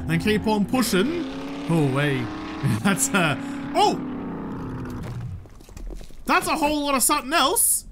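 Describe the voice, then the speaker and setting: A woman with an Australian accent giving chatty, excitable gameplay commentary and talking to the characters on screen. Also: mid-range voice, normal speed, very noisy. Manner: chatty and excitable, talks to the game and her companion. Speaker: gaming video creator. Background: game music.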